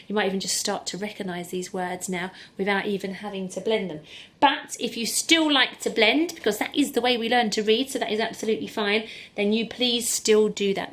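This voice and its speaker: A woman teaching a phonics lesson to camera, slowly sounding out letters and blending words in an encouraging way. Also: mid-range voice, fairly bright tone. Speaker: primary school teacher. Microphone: camera in front of her.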